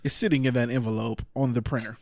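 A man's voice: medium pitch, fast. A man telling a story in casual chat, cursing freely, laughing often and acting out what other people said. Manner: profane, animated, acts out quoted people.

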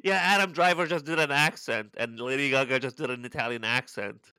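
A man's voice: medium pitch, fairly quick, sharp tone, clear, resonant tone, dry recording, rough recording. A man co-hosting a podcast, chatting casually and animatedly, filling his talk with "like" and exclamations. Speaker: podcast co-host. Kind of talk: casual chat.

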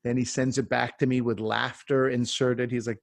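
A man in his forties from Canada, a comedian guest telling stories in a casual, animated way and acting out the voices. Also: medium pitch, normal speed, vocal fry, hardly any pauses, no room sound, studio quality. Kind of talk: casual storytelling.

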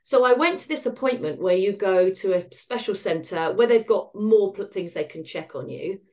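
A woman's voice: mid-range voice, normal speed, warm tone. A middle-aged woman talks candidly as a podcast guest. Her delivery is frank and wry, and she voices the remembered exchanges as if replaying them. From United Kingdom. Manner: frank and self-deprecating, acts out quoted dialogue. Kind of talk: candid personal storytelling.

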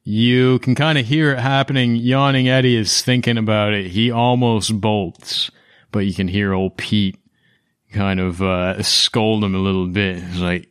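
A man's voice: fairly low pitch, steady tone, a little slow, clean tone, no echo, studio quality. A man narrating and running a tabletop role-playing game in a laid-back, jokey way, often breaking into laughter. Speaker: game master.

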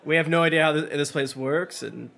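Man, tabletop player, slightly high voice, laid-back offhand talk. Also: brisk, gravelly, bright, forceful tone. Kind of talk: casual tabletop play.

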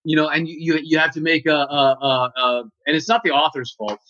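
Man, middle-aged, guest actor; relaxed, self-deprecating chat, dry muffled recording. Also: on the high side, brisk, no echo. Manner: thoughtful, easygoing, self-deprecating. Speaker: actor and audiobook narrator. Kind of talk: casual chat.

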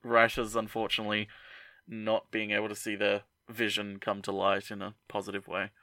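A man with a lowish, bright voice chats casually as a podcast co-host. He rambles through trivia asides, joking and laughing as he goes. The sound is dry and close. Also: completely flat delivery, normal speed, dry recording. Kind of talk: casual chat.

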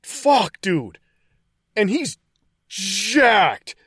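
Profane, animated man retelling film scenes. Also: high-pitched, extremely slow, background noise. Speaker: podcast co-host. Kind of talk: casual film discussion.

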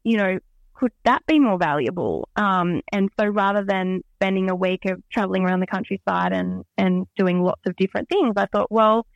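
A woman's voice: mid-range voice, moderate pace, dry recording, highs cut off. Bubbly woman, dry close sound. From Australia. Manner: bubbly, enthusiastic, many "um"s. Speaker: guest, event organiser. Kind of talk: casual interview chat.

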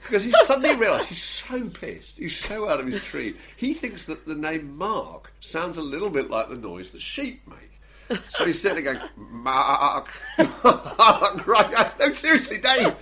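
A man's voice: high voice, sing-song, normal speed, pushed and bright. A man who broadcasts for a living tells a comic anecdote on a chat show. He laughs often and acts out the lines of the people in his story.

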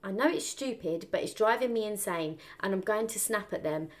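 A woman's voice: medium pitch, expressive, fairly quick. Joking woman reading a listener letter. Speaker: podcast co-host.

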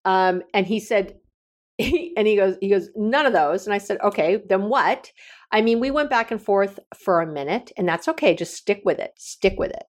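Speaking at a normal pace in a mid-range voice, this middle-aged coach offers podcast advice. She works as a relationship coach and consultant and brings her stories to life by performing the quoted lines.

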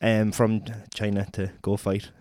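A man's voice: on the low side, little pitch movement, a little slow, darkish tone, dry recording, studio quality. A man co-hosting a podcast, telling a story in a rambling way with many fillers and laughing at his own slips. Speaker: podcast co-host. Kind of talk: casual chat and storytelling.

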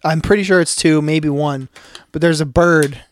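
A man's voice: on the high side, steady tone, moderate pace, slight background noise. Laid-back man chatting on a podcast. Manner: laid-back, profane, laughing often. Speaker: podcast co-host. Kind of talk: casual chat.

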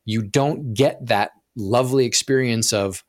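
A man's voice: mid-range voice, unhurried, no echo, clean studio sound. A man speaking as a podcast guest who explains with animation, acting out inner voices and often stumbling and restarting his sentences. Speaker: podcast guest, profit coach. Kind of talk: podcast interview conversation.

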